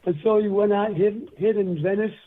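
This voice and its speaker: An older man spins long, wandering anecdotes in a rather high, husky voice. He comes through a tinny phone line and slips into other people's voices as he talks. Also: fairly even intonation, normal speed. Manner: rambling anecdotal storyteller, acts out quoted voices. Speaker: guest. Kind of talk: storytelling interview.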